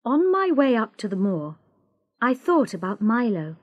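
A woman narrating a graded-reader story for English learners in a slow, clear, expressive way. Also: fairly high pitch. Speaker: audiobook narrator.

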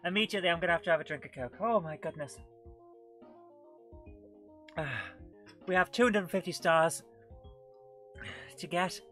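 A woman's voice: lowish voice, normal speed, pauses often, fairly bright tone, soft background music. A woman, chatting through a live retro game stream, self-mocking and greeting chat viewers. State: coughing and out of breath. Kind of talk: live gameplay commentary.

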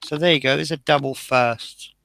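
A man's voice: mid-range voice, fairly even intonation, moderate pace, gravelly, fairly bright tone, dry recording. A man hosting a live model-building stream, chatting casually and self-deprecatingly as he talks through each step, sounding tired.

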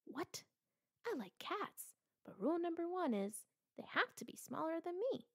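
A woman voicing a curious, adventurous male dog in a children's storybook, speaking in a lively, exclaiming way. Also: very high voice, unhurried, pitched above the performer's own voice, exaggerated voice.

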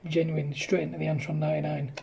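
Man, gravelly voice, fairly high pitch, hushed close-mic talk, faint hiss. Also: completely flat delivery, fast. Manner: talks close to the mic and quietly, with CB slang. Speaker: CB radio operator. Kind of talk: casual CB radio chat. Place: home at night, partner asleep. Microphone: close to radio handset mic.

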